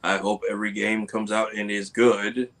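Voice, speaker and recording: A man co-hosting a casual gaming podcast, giving measured, earnest opinions with frequent filler words. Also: on the low side, little pitch movement, a bit bright. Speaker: podcast co-host.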